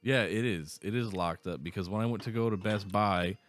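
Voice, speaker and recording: A man's voice: on the low side, a little fast, dry recording, faint music behind. A man in his thirties, a podcast host, telling rambling, profane stories in casual chat. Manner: rambling storyteller, swears a lot.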